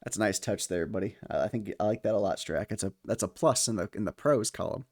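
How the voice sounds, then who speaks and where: A man's voice: fairly low pitch, fast talker, darkish tone. A man casually commenting on a game he is playing, joking and laughing at his own puns. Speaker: let's play host.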